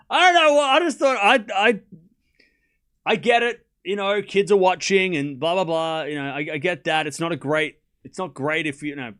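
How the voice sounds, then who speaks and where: A man's voice: sits high, normal speed, sharp tone. A young man hosting a live tennis watchalong, calling points and chatting casually with viewers. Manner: casual, chatty, answers chat questions between points. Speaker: host.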